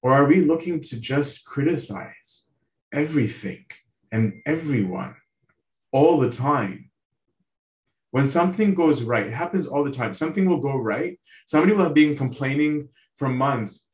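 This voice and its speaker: A man's voice: fairly high pitch, a little slow. A male priest giving a sermon, speaking earnestly and conversationally, often asking his listeners direct questions and checking in with "right?". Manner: conversational, tags lines with "right?". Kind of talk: sermon on a Bible passage. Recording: roomy echo.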